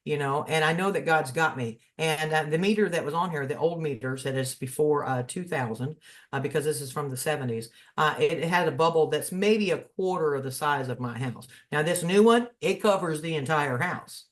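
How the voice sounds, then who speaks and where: Guy with a kinda high voice, folksy, telling stories about faith and chatting loose. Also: a little fast, a bit bright. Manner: folksy, tells stories, preachy asides. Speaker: spiritual podcast co-host. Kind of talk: casual spiritual chat.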